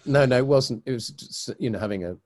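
A man's voice: medium pitch, quick pace, dry recording. An older man, a comedy producer, speaking as a guest in a casual podcast interview, telling anecdotes and jokes with a chuckle.

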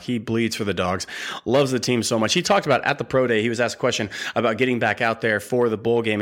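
A man's voice: mid-range voice, fairly bright tone. This is a man running a sports podcast on his own, rambling cheerfully in plain fan talk. He jokes along the way and keeps the tone casual and enthusiastic. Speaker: podcast host.

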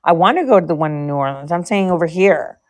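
A woman's voice: lowish voice, expressive, quick pace. A woman hosting a livestream, chatting casually and rambling between stories, swearing freely. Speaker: livestream host. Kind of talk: casual chat with a co-host.

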